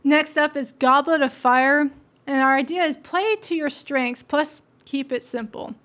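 A woman's voice: sits high, a little slow, a bit bright. A woman hosting a podcast, giving motivational commentary on books and asking listeners earnest questions. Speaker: podcast host.

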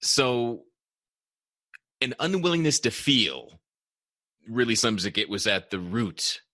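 A man hosts a casual podcast chat in a bright, animated voice, playful and quick to laugh. He trips into restarts as he talks. The room sound is dry and close. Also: medium pitch, dry recording. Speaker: podcast host.

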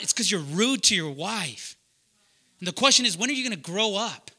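Loud, bright-voiced male preacher. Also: high voice, animated, moderate pace, husky. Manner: loud, emphatic, asks the room questions. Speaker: pastor teaching young adults. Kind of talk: sermon.

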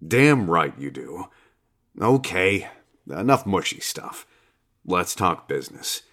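A man's voice: deep voice, very animated, takes it slowly, a bit bright, heavily acted. A man voicing a laid-back, foul-mouthed male God who talks like a casual bro, coaxing and swearing freely. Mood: joking. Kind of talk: audiobook character reading.

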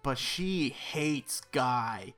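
A man's voice: medium pitch, expressive, extremely slow, fairly bright tone, soft background music. A man casually recapping a movie on a podcast, rambling with many fillers and dropping wry, sarcastic asides. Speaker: podcast co-host. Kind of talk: casual film recap chat.

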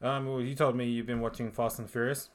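A man's voice: mid-range voice, level tone, quick pace. A young man in casual chat, teasing and joking as he chimes in.

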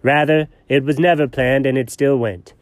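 A man's voice: mid-range voice, fairly even intonation, moderate pace, no echo. A man narrating a homemade story in a playful, wry way.

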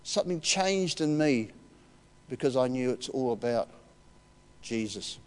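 A man's voice: mid-range voice, animated, a little slow, clear, resonant tone. A man, giving a heartfelt, emotional personal testimony as a preacher in a church. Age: 60s. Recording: reverberant church hall.

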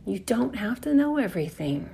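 A woman's voice: mid-range voice, very animated, moderate pace, gravelly, warm tone, a little hiss or hum. A woman giving a reflective, earnest spiritual talk about astrology, casually swearing and acting out inner voices. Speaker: astrology speaker.

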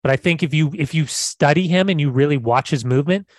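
A man's voice: on the high side, quick pace, dry recording. An American man co-hosting a soccer podcast in a casual, enthusiastic chat, often repeating words as he restarts. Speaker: podcast co-host.

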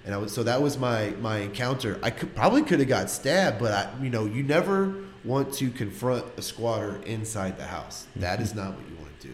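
A man co-hosting a podcast, telling a story in casual chat, excitable and laughing, acting out the quotes. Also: fairly low pitch, a little fast, hardly any pauses. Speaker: podcast co-host. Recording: echoey room with faint noise.

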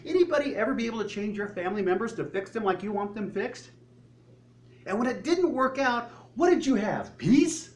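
A man's voice: high voice, animated, brisk. A man preaching a sermon to his congregation in a church, in a conversational way, asking rhetorical questions. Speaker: pastor.

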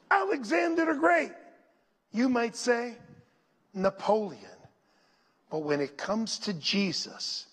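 A male pastor preaching a sermon, leading his congregation to repeat scripture lines and dropping to a near whisper on them. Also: high-pitched. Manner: slow, drops to a near whisper on scripture phrases; call-and-response with the congregation. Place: church sanctuary. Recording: long reverb in a large hall.

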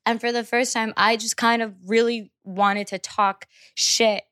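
Young woman guest, slightly high voice, blunt and salty, animated storyteller. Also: measured pace, clean tone. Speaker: guest musician. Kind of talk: casual podcast interview.

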